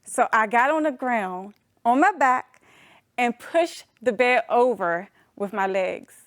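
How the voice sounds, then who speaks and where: An adult woman telling a humorous personal story to an audience, animated and playful, calling them y'all. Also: fairly high pitch, takes it slowly, dry recording, clean studio sound. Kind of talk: storytelling talk.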